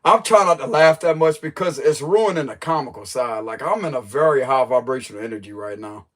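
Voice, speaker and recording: A man's voice: mid-range voice, expressive, brisk, fairly bright tone. A man who reads tarot, telling a story in a loose, joking way full of slang. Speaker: tarot reader. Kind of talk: casual storytelling chat.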